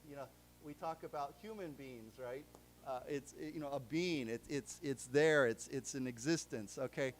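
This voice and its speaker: An American man giving a live English lesson in a library lecture room, explaining words slowly with many fillers and restarts. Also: mid-range voice. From United States. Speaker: English teacher.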